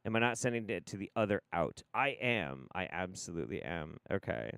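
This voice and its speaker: A man's voice: low-pitched, expressive, brisk, vocal fry, a bit bright, clean tone, dry recording, clean studio sound. A man hosting a live stream, talking casually in a profane, exasperated, rambling way.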